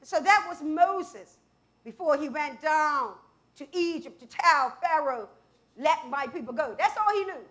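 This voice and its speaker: A woman preacher with a high voice delivers an animated sermon. She bursts into loud scripture quotes and turns aside to talk to her congregation. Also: a little slow.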